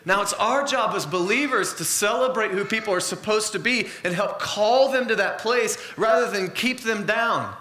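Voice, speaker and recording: A man's voice: high voice, moderate pace, few pauses, bright, forceful tone, reverberant. A man preaching a sermon in an earnest, conversational way, mixing in personal stories.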